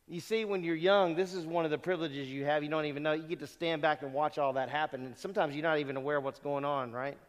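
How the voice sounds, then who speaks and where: This middle-aged pastor's voice is fairly high and steady, and he talks quickly. Addressing graduating students, he preaches in an earnest, conversational style with frequent rhetorical questions, amid the long reverb of a hall.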